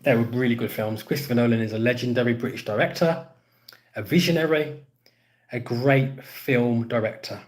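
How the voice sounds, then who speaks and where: A man in his thirties hosting a laid-back live stream, answering viewer comments as they come in. He rambles and repeats his points as he talks. His voice sits at an ordinary middle pitch. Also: fairly even intonation, normal speed. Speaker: podcast host. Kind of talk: casual live-stream chat reading comments.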